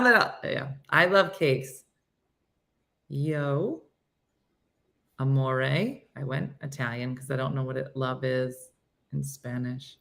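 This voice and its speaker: This host is a woman in her sixties whose bass voice is slow, creaky, and a bit bright, with frequent pauses. On her casual morning show she chats and reads out viewer comments, poking fun at herself.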